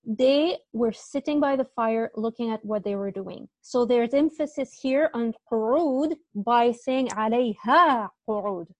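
A woman's voice: fairly high pitch, a little slow, few pauses, mellow, dry recording. A woman teaching an online Arabic grammar class, explaining step by step and often checking with students, with a slight cough.

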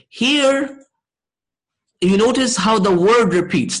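High-voiced man teaching a grammar lesson. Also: expressive, poor audio. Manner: explains step by step, checks in with "hmm?" and "okay?"; recites Arabic verses quickly. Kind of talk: classroom lesson explaining Quranic grammar.

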